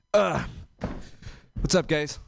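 A young man performs a stand-up set at an open mic, rambling loosely, packing in fillers, and chuckling at his own jokes. His voice sits on the high side and sounds gravelly, with no room sound in the recording.

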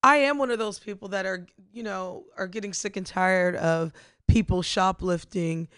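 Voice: medium pitch, fairly even intonation, normal speed, a bit bright, clear, resonant tone, no room sound, clean studio sound. A podcast co-host chatting casually, rambling with lots of fillers and restarts. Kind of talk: casual chat.

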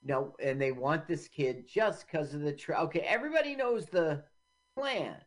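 A podcast co-host in casual chat about a film, making thoughtful, measured remarks. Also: mid-range voice, lively intonation.

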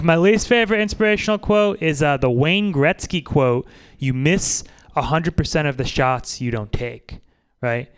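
A man's voice: medium pitch, clean tone. A man doing a rambling, self-deprecating stand-up set at an open mic, full of fillers and restarts. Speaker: stand-up comic.

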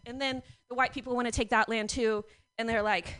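Woman, stand-up comic, rambling, bright tone, slightly high voice. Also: flat delivery, brisk, clean tone. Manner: scattered, laughing at own jokes. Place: comedy club stage.

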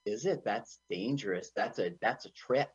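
A man's voice: normal speed, husky. A man co-hosting an internet radio show, riffing jokingly on a movie as it plays. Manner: jokey, tries silly voices, lively pitch. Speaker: podcast co-host. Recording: dull lo-fi sound.

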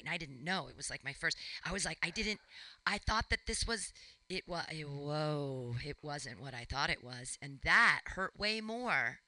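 A woman's voice: low voice, bright, forceful tone, dry recording. A woman hosting a show, chatting casually, playful and rambling. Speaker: host. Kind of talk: casual chat.

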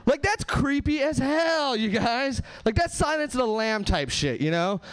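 A man from Southern California doing a stand-up comedy set on a club stage, punchy and animated, swinging his voice high and low for effect. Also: normal speed, clear, resonant tone.

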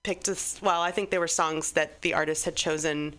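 A woman's voice: deep voice, steady tone, normal speed, fairly bright tone, soft background music. A woman in her thirties chatting enthusiastically as a radio guest, rambling and restarting as she goes. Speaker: guest musician. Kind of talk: casual radio chat.

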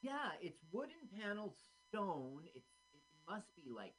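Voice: mid-range voice, big pitch swings, unhurried, faint music behind. A co-host with a mid-range voice that moves around a lot, tossing out wry questions and dry wordplay. Casual, chatty podcast talk during a movie watch.

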